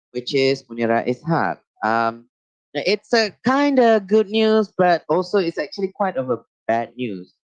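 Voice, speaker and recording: A man with a Malaysian accent hosting a live online talk show, talking haltingly with many uh and um fillers and repeated phrases. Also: medium pitch, dry recording. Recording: muffled lo-fi dry sound.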